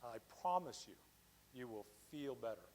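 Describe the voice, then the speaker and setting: A man giving a Sunday talk at a spiritual center, lively and conversational, often checking in with "okay?". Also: medium pitch, moderate pace, slight background noise, rough recording. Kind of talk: sermon.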